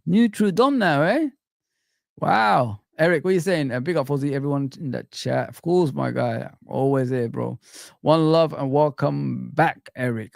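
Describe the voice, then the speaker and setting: A man's voice: a little high, normal speed, creaky, darkish tone, no room sound, studio quality. A man hosting a casual live-chat stream, talking animatedly and greeting viewers by name. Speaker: livestream host.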